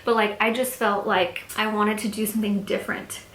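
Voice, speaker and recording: A woman's voice: mid-range voice, level tone, a little fast, fairly bright tone. A young woman chatting casually and thoughtfully while doing her makeup at home, her talk full of "like" and "you know". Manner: chatty, reflective, many "like" and "you know" fillers. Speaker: makeup vlogger. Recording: echoey room, faint ambient noise.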